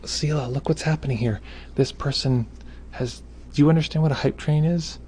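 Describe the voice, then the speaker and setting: A man's voice: fairly high pitch, moderate pace, dark tone, a little hiss or hum. A man who hosts a meditation livestream, chatting casually from home as he reads viewer comments, rambling, stumbling over names and gushing with thanks. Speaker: meditation teacher hosting a livestream.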